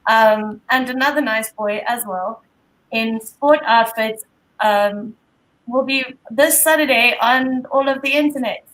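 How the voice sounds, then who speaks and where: A woman's voice: fairly high pitch, a little slow, fairly bright tone, rough recording. A woman guest from a band, giggly and self-deprecating, on a video call.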